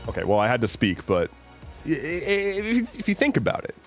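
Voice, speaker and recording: Deep-voiced young man chatting on stream. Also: huge pitch swings, quick pace, soft background music. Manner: rambling, self-interrupting, lots of "like" and restarts. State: getting over an illness, slight cough. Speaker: livestream host. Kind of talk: casual chat reading viewer comments.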